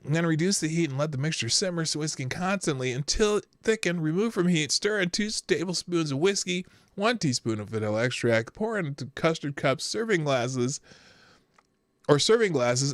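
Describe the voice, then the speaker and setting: A man's voice: a little high, fairly bright tone, no room sound, clean studio sound. A middle-aged man hosting a live morning show, rambling and joking and often stumbling over his words. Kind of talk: casual live commentary.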